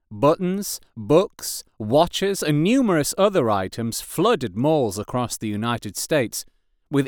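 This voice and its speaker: A man's voice: mid-range voice, no echo. Man narrating an audiobook, dry sound.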